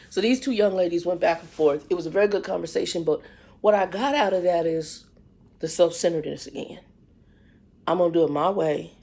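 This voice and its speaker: A woman hosting a ministry livestream, talking and preaching in a relaxed, conversational way, often acting out the voices of people she quotes. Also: deep voice, creaky. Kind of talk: casual spiritual talk. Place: in a car.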